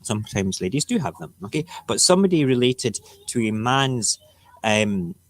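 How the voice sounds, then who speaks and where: A man's voice: mid-range voice, big pitch swings, normal speed, dry recording. A man hosting a casual morning talk show, ranting and rambling in an opinionated way. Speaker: radio show host.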